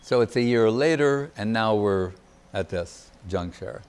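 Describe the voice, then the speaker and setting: An older man giving a reminiscing devotional talk as a spiritual teacher, pausing often and searching for his words. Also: lowish voice, expressive, a little mellow, smooth. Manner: halting, searching for words, many pauses.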